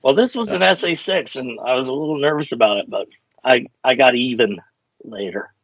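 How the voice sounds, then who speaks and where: Speaking a little fast in a medium-pitched, husky voice with vocal fry, a retired fighter pilot in his later years digresses through casual interview stories with self-deprecating wit. The recording is dry, muffled and lo-fi.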